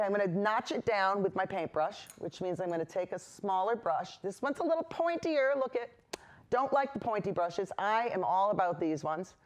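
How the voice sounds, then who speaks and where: A painting instructor talks viewers through a lesson in an indoor studio. The voice sits in a middle pitch. The delivery is easygoing and reassuring, and it keeps wandering off into personal asides before coming back to the brushwork. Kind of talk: chatty on-camera painting lesson.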